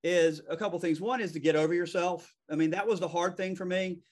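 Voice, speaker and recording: A man with a Southern US accent talks quickly and loosely, poking fun at himself as he goes. His voice sits a bit high for a man. He is a real estate attorney speaking as a guest over a video call. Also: fairly even intonation. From American South. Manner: fast-talking, self-deprecating. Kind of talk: casual interview chat.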